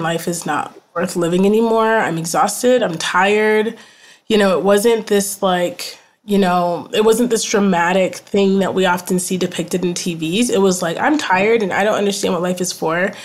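Woman, 30s, counselor guest; earnest, reflective, chatty storytelling. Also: on the low side. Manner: reflective and earnest, heavy on "you know" and "like". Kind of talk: candid personal storytelling in a podcast interview.

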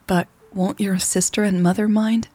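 A woman voicing a tender, affectionate young woman lover in a soft, breathy whisper. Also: mid-range voice, level tone, moderate pace, no echo, pitched above the performer's own voice, close to an everyday voice.

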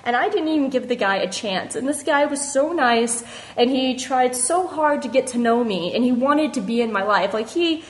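A woman's voice: high voice, expressive, moderate pace, poor audio. A young woman leaving a heated, earnest voice message for a podcast, emotional and near tears, with many restarts. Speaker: fan caller sending a voice message to a podcast. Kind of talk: casual impassioned opinion.

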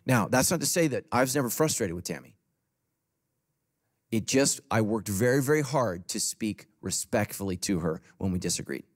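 A man's voice: animated, normal speed. Emphatic male pastor preaching. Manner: emphatic preaching, swinging from loud punchy lines to soft low asides. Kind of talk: sermon. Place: church in front of a congregation.

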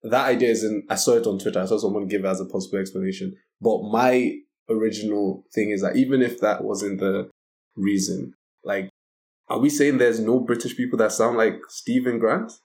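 A man chatting casually as a podcast guest, relaxed and hesitant, with many fillers. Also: fairly low pitch, a little fast. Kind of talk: casual chat.

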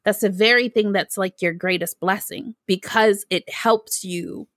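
A woman's voice: medium pitch, fairly even intonation, measured pace, fairly bright tone, no echo, studio quality. A woman from Michigan hosting a podcast interview, chatting casually and drawing on her own stories. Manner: upbeat, reflective, draws on personal stories. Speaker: podcast host.

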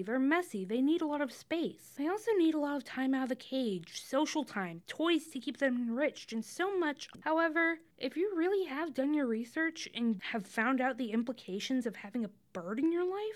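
A young woman hosts her podcast in a chatty, tangent-prone way and drops wry asides as she goes. Her voice sits a little high and swoops up and down with lively expression. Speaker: podcast host. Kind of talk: casual scripted podcast monologue.

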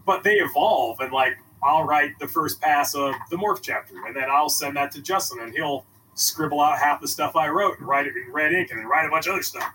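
Man, podcast guest, bright tense voice, a bit far from the mic, faint noise, animated storyteller. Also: fairly high pitch, fairly quick, few pauses. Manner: animated storyteller, acts out quoted exchanges. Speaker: podcast guest, reptile book author. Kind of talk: casual podcast chat.

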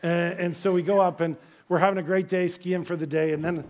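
Middle-aged guy pastor, fairly high voice, lots of stop-start, acts out his story. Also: brisk. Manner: animated, acts out dialogue, many restarts. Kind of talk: sermon with storytelling.

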